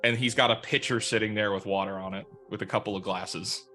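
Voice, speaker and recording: A man narrating a tabletop game as game master, in a relaxed, meandering way. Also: lowish voice, brisk, faint music behind.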